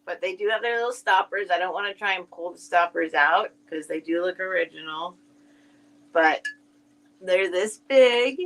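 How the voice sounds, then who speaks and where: A woman's voice: lowish voice, moderate pace, fairly bright tone, low-quality recording. A woman co-hosting a live online sale, chatting and musing aloud about the items. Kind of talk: live-stream sale chat.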